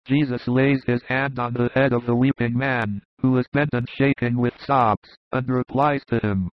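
Brief: man narrating steadily, mid pitch, dry lo-fi audiobook. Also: steady tone, no echo. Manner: measured, descriptive. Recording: dull lo-fi recording.

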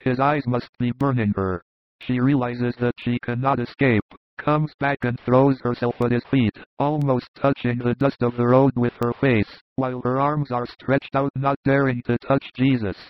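Measured male audiobook narrator. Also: medium pitch, little pitch movement, dry recording. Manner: measured, descriptive. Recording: dull lo-fi recording.

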